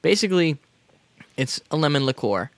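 An excitable man chats casually and crudely while tasting drinks, his pitch swinging widely. His voice sits in a middle range. The recording is dry and close. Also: normal speed, no echo. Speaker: co-host tasting liqueur. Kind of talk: casual chat.

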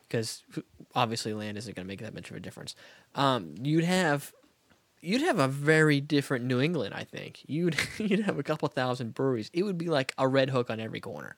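A man with a mid-pitched voice co-hosts a casual podcast about beer, joking and stammering, swearing freely. The sound is dry and close. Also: expressive, a little fast, a bit bright, no echo. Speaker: podcast co-host. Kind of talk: casual beer-tasting chat.

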